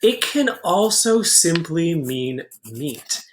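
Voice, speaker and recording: A man teaches a vocabulary lesson in an unhurried, deliberate way, drawing out each word. He is patient and clear, repeating terms so students can write them down. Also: on the high side, sing-song. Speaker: Spanish teacher. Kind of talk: classroom-style vocabulary lesson.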